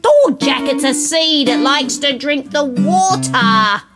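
A woman's voice: high-pitched, lively intonation, takes it slowly, loud music behind the voice. A woman storyteller voicing a cheerful, homely mother who talks in a folksy, coaxing way with loose grammar. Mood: patient.

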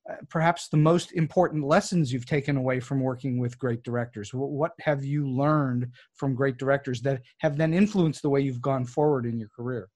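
A man hosting an interview, asking relaxed, conversational questions. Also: mid-range voice, brisk, few pauses. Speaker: host, interviewer.

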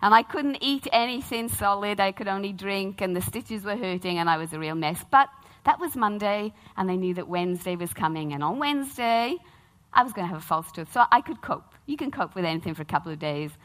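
Woman preacher, middle-aged, chatty animated storyteller. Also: mid-range voice, fairly quick. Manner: animated, humorous storytelling with acted-out quotes. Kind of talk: sermon.

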